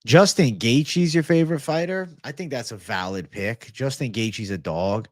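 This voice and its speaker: Brief: young male host, relaxed profane banter, dry close-mic sound. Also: mid-range voice, normal speed, no echo. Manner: profane, laid-back, reads chat aloud. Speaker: MMA show host. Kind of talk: casual livestream chat.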